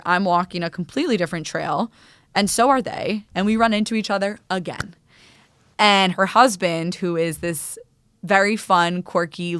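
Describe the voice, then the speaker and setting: A chatty woman podcast host telling a personal story, animated and full of casual fillers. Her voice sits a bit low for a woman and sounds smooth and clear, recorded close with a dry, roomless sound. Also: no room sound.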